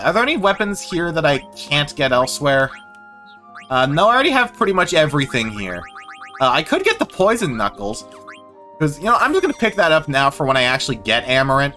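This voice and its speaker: A man giving casual, rambling commentary while streaming a game, self-deprecating and quick to swear. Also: mid-range voice, big pitch swings, pushed and bright, soft background music.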